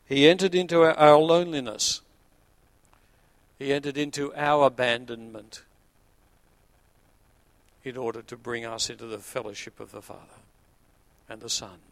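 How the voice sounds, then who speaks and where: A man, a pastor delivering an earnest sermon that swells to emphatic peaks and sinks to quiet low points. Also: normal speed, creaky, long pauses, no echo. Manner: earnest preaching, rising to emphatic peaks then dropping low.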